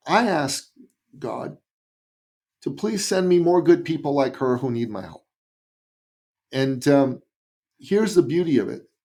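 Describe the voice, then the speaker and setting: A middle-aged man from Canada, a guest on a podcast interview, telling a story in an animated way. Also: fairly high pitch. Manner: animated, acts out quoted voices.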